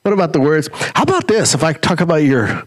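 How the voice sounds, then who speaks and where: A male pastor preaching a sermon, asking rhetorical questions, swinging between raised, quick lines and low, drawn-out ones. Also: sing-song.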